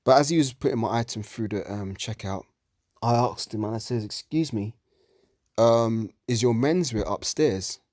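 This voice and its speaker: A man's voice: on the low side, fairly even intonation, moderate pace, a little mellow, no echo, clean studio sound. A man gives a heated religious commentary monologue, ranting and swearing often.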